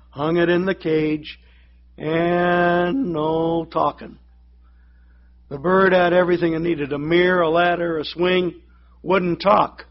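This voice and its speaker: Male pastor, storytelling sermon delivery, slightly high voice, lo-fi recording. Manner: storytelling, acts out voices in the joke. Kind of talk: sermon with a joke.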